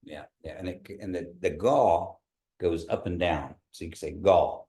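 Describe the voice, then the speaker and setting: A man leads a language class in a fairly low voice. He is patient and encouraging, slowing right down to model each word and its rising and falling tones. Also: steady tone, a little mellow. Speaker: language teacher.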